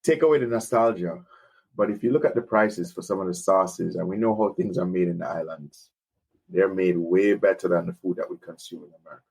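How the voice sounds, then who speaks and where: Jamaican male founder as guest, low husky voice, eager and conversational. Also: brisk, a little mellow, rough recording. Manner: enthusiastic anecdotes about customers. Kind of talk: casual conversational interview.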